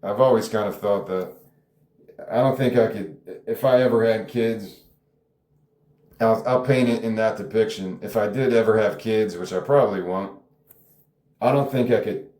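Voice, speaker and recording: Low-voiced man musing aloud in a roomy space. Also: normal speed, pauses often, a little mellow. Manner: rambling, frequent chuckles, casual swearing. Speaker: author discussing his own story. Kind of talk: casual spoken reflection. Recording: roomy echo.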